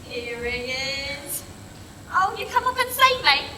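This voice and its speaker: A woman's voice: high-pitched, big pitch swings, takes it slowly, sharp tone, exaggerated voice. A woman playing a tactless old grandmother in a stage comedy sketch, nagging, repeating herself and throwing blunt insults. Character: cheeky rude old London grandmother, gossiping and tactless. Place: stage in a large hall. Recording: echoey hall, distant mic, noisy.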